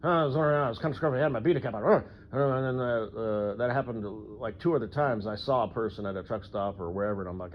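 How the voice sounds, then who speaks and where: A man rambling through a solo audio monologue, full of fillers and frequent throat clearing. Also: medium pitch, fast, hardly any pauses, slight background noise. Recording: dull lo-fi recording.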